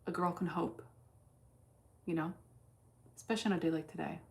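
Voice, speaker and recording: Lady streamer talking through her trades, kinda low voice, swears a lot, just thinking out loud. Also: steady tone, brisk, gravelly. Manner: blunt, swears freely, thinks aloud while trading. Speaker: livestreamer trading stocks. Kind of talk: casual livestream chat.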